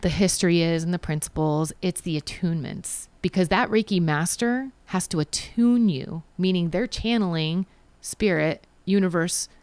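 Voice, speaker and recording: A woman's voice: on the low side, normal speed, darkish tone, clear, resonant tone, no echo. A woman guest talking casually about her healing practice, telling stories and quoting people in between. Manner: chatty, tells stories with acted quotes. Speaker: guest, psychic and Reiki practitioner. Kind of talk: casual interview chat.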